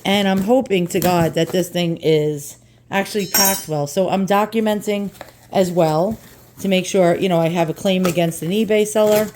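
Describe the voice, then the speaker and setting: Talking at an ordinary pace in a low-leaning, somewhat dark voice, a woman with a thick New York accent walks her audience through an unboxing. The vlogger keeps it chatty, blunt, and funny, with a curse here and there, over slight background noise.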